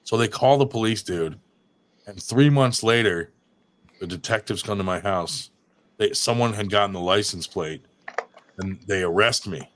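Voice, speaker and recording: A man's voice: fairly low pitch, moderate pace, a little hiss or hum. A man telling prank stories in casual chat, swearing often and laughing as he goes. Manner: profane, laughing storyteller. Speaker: podcast co-host. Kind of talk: casual storytelling.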